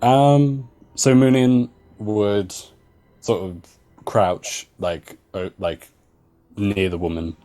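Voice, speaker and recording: A man's voice: fairly low pitch, fairly even intonation, drawn-out words, mellow. A man playing a tabletop role-playing game, describing his character's actions hesitantly with lots of fillers. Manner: hesitant, many fillers and restarts. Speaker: player.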